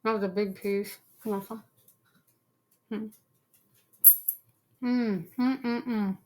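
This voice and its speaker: A schoolteacher hosts a home cooking video from her kitchen, speaking slowly in a steady, mid-range voice with a darkish tone. She tastes the food while chatting playfully and teasing her daughter.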